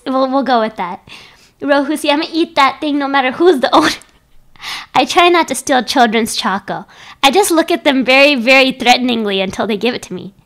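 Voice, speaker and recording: A woman's voice: high-pitched, fairly bright tone. A young woman streaming from home into a desk microphone, chatting casually and playfully with her viewers, often giggling.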